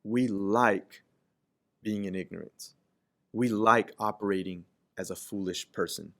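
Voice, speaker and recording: A man preaching a sermon as pastor, restarting phrases and letting his voice swell loud and high when he reads scripture aloud. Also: a little slow.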